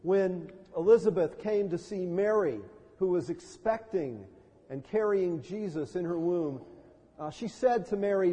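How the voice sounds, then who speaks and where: Male pastor, higher voice with a soft husky edge, earnest measured preaching, reverberant sanctuary. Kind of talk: sermon with scripture reading. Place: church sanctuary. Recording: long reverb of a large hall.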